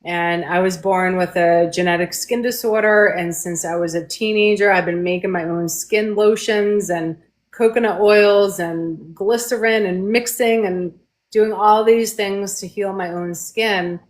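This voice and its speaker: A woman in her thirties, an animated and excitable storyteller, co-hosting a casual spiritual conversation. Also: medium pitch, measured pace. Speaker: co-host.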